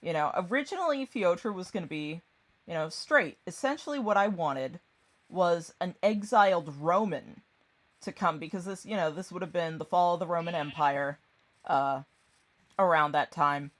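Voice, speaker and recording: Chatty creator rambling through a movie retelling, lots of uh and you know, cusses, laughs, does the characters' lines, mid-pitched voice. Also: moderate pace, fairly bright tone. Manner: chatty and loose, with frequent fillers, swearing and laughter. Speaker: channel creator. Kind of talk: casual rambling retelling of a book and film.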